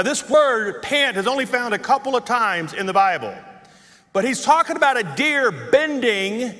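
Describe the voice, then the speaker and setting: Male preacher, impassioned sermon, bright lively voice, long hall reverb. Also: very high voice. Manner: impassioned, repeats phrases for emphasis.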